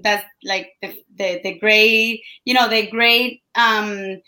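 Bright-voiced Colombian woman, chatty. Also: mid-range voice, fairly even intonation, slow. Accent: Colombian Spanish. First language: Spanish. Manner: chatty, many restarts and "you know". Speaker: guest, business owner. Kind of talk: casual interview conversation.

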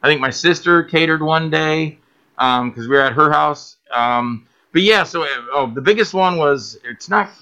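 A man guest on a podcast telling stories about his filmmaking, animated and acting out other people's voices. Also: on the high side, moderate pace, dull audio. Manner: animated, acts out quoted voices, laughs often. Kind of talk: casual storytelling interview.

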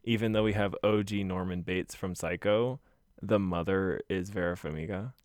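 A man's voice: low-pitched, normal speed, a little mellow, dry recording, studio quality. A man co-hosting a podcast in casual chat, crude and giggly, rambling with fillers. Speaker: podcast co-host.

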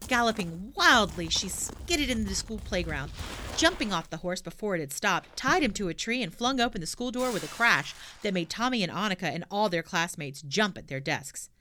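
A woman reading a children's storybook aloud with an expressive delivery. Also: medium pitch, normal speed, slight background noise.

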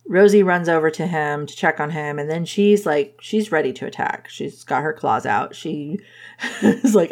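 A woman with a low, slightly mellow voice talks at normal speed while casually summarizing a romance novel's plot. As a reviewer, she laughs often and quotes the characters with playful flair.

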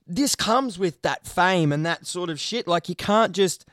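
A young man chatting casually as a podcast co-host, rambling, animated and swearing a lot. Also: high-pitched, measured pace, no room sound, studio quality. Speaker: podcast co-host, video creator. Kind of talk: casual chat.

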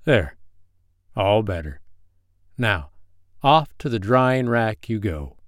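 A male narrator doing a playful young man in an audio story, confident and jokey, with a low voice. He gives easy little orders with a grin in them. The sound is dry and close. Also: big pitch swings, slow, dry recording. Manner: teasing, jokey, upbeat and commanding.

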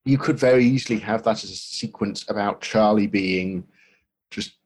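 A man's voice: on the low side, moderate pace, darkish tone, breathy edge. A man co-hosting a podcast, talking casually about a film with many restarts and fillers. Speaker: podcast co-host.

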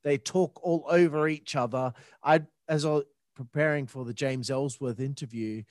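A man's voice: medium pitch, fairly even intonation, moderate pace, a little mellow, no echo, clean studio sound. A man in casual podcast chat, telling a story in a reflective way and trailing off mid-thought.

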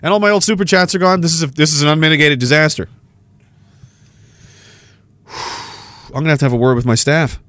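A man hosting a livestream in a casual, rambling and profane way, quick to flare up and cursing between stretches of chatter. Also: fairly high pitch, fairly even intonation, a bit bright, no echo. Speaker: livestream host.

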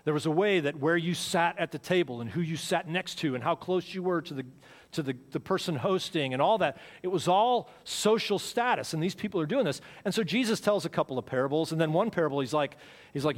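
Male pastor, sermon, slightly high voice, conversational, repeats himself, long hall reverb. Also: animated, a little fast. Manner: conversational preaching with repeated phrases and dramatic swings in volume. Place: church sanctuary.

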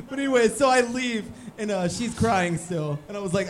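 A man's voice: high-pitched, animated, normal speed, crowd noise. A man co-hosting a podcast from a sports bar, telling a story in casual chat and laughing often. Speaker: podcast co-host.

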